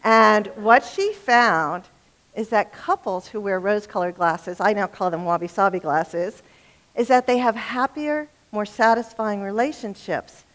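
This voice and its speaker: A woman's voice: medium pitch, measured pace, a bit bright. A middle-aged woman giving a talk on relationships to a live audience. She is chatty and humorous and often turns to the room with questions. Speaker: relationship speaker.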